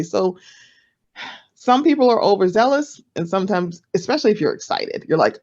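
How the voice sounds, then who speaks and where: A woman giving casual advice on a panel, chatty and playful, acting out quoted voices with sudden jumps in pitch. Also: expressive, fairly quick, darkish tone, muffled recording.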